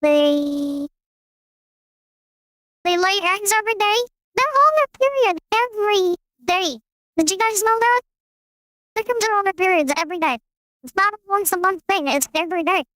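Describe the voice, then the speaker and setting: A man putting on a silly, very high voice for a goofy rambling character, joking crudely. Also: animated, normal speed, pauses often, pushed and bright, no echo, heavily acted.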